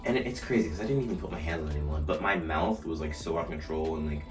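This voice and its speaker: A young man vlogger telling a story in a casual way while getting ready, with animated retellings. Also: extremely low pitch, fast. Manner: animated storytelling, shouting re-enacted lines. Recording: echoey room, mic at a distance, faint music.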